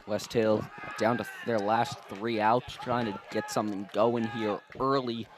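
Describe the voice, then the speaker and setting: A young man giving color commentary on a high school baseball game outdoors, steady and analytical. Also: measured pace, noisy background.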